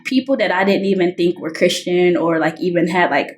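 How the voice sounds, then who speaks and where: A woman's voice: lowish voice, fairly quick, a little hiss or hum. Earnest woman sharing a personal story. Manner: earnest, heavy use of "like" fillers; reenacts dialogue in raised voices. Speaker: podcast guest. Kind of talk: personal testimony in conversation.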